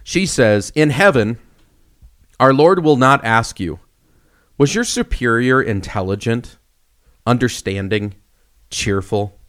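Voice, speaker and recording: A young man co-hosting a casual podcast, telling stories with lively swings and acting out the voices in them. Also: mid-range voice, slow, pauses often. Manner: animated storyteller, acts out quoted voices. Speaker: podcast co-host.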